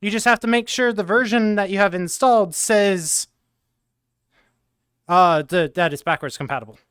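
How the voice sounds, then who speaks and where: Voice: mid-range voice, normal speed, a bit bright, clean tone, no room sound, studio quality. A streamer in casual chat, explaining game tech details and reading chat aloud into a headset mic.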